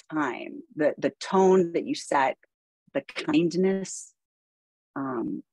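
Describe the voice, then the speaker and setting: A woman's voice: low voice, darkish tone, no echo, rough recording. A woman chemistry instructor telling classroom stories on a panel, conversational, with many fillers and restarts. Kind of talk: panel discussion, anecdotal.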